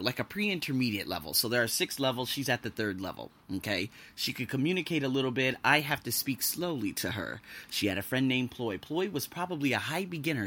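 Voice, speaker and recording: A man, likely in his twenties, hosting a podcast and telling a personal story in a casual, excitable way, with loud exclamations and some profanity. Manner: animated, swings between loud exclamations and low asides. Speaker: podcast host.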